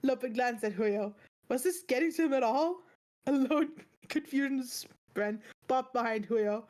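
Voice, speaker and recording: A woman's voice: sits high, measured pace, a little mellow. Laughing woman reading a story aloud. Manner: reads with frequent laughs and self-corrections. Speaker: book club host, reader.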